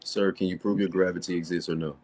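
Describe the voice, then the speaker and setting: A man's voice: deep voice, flat delivery, quick pace, darkish tone. A man hosting a livestream debate, insistent and taunting, repeating his challenges over and over. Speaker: livestream host.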